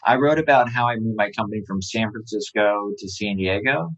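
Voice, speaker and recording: A startup founder talking casually in an interview, relaxed and rambling, with many fillers. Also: male voice, on the low side, fairly quick, highs cut off. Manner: relaxed, filler-heavy, lots of "um" and "like".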